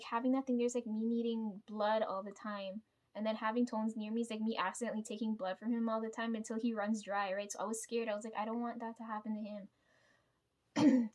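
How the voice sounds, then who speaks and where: A woman's voice: medium pitch, a little mellow. A young adult woman telling a casual personal vlog story, rambling with many fillers and tag questions and swearing freely. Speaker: vlogger.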